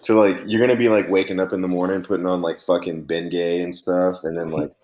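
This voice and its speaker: A man's voice: low-pitched, level tone, fast talker, darkish tone, roomy sound. A man in his twenties hosting a casual podcast chat, rambling with lots of fillers and swearing. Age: 20s. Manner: rambling, heavy use of "like" and swearing. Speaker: podcast host.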